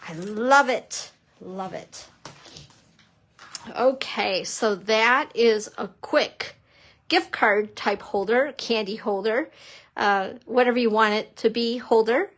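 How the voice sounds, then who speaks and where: A woman's voice: on the high side, slow pace, a bit bright. A middle-aged woman demonstrating papercrafting on a live stream, chatty and bubbly, teasing herself and greeting viewers. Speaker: papercrafting instructor.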